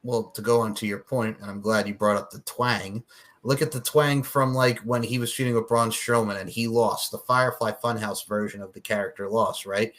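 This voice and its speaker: A man hosting a wrestling podcast in casual chat, animated and profane, recalling things like a longtime fan. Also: on the low side, normal speed. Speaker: podcast host.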